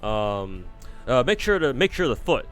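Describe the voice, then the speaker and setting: A man's voice: mid-range voice, big pitch swings, a little slow, fairly bright tone, soft background music. A man voicing a confident, friendly young knight who coaches and encourages, in his own normal voice while reading a game aloud. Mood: encouraging. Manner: earnest, coaching, tacks on a catchphrase.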